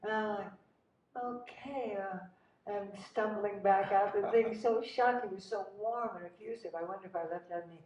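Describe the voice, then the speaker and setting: An older woman spins animated, breathless show-business anecdotes, often breaking into laughter. Her voice sits in a middling register and comes from some way off the mic. The room is roomy and echoing, and the sound is a little dull. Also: mid-range voice, a little fast, hardly any pauses, recorded from a distance, a little hiss or hum. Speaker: guest actress. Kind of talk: casual storytelling interview. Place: cinema.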